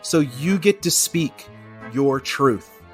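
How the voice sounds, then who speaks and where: Patient, coaxing mentor acting as a therapist, voiced by a man. Slightly high voice, faint music behind. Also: expressive, slow pace. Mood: soothing. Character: calm older male mentor playing therapist.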